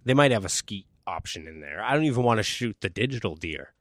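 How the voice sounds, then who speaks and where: Animated joking man on a podcast. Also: fairly low pitch, quick pace, no echo, clean studio sound. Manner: animated, jokey, swears often. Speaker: podcast co-host. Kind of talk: casual comedic podcast chat.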